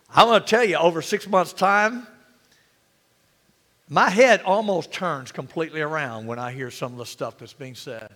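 A man's voice: high-pitched, fairly bright tone, in a large hall. A man pastor preaching a sermon in a church, full of rhetorical questions and calls for amen.

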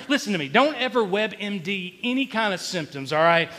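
A male pastor, preaching an emotional, confessional sermon that swings between quiet and loud. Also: sits high, lively intonation, brisk, few pauses, big-room sound. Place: church sanctuary.

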